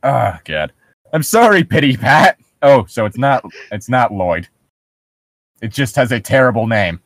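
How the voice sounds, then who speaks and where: Male podcast co-host, jokey and quick to laugh; animated pitch, dry close sound. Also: no room sound. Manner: jokey, laughs a lot, reads excerpts aloud. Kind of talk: casual podcast chat.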